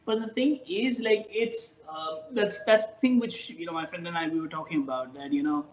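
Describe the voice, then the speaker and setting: A man from India, a podcast guest, talking in a rambling, halting way with many restarts in casual chat. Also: a little high, slight background noise. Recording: dull, roomy podcast recording.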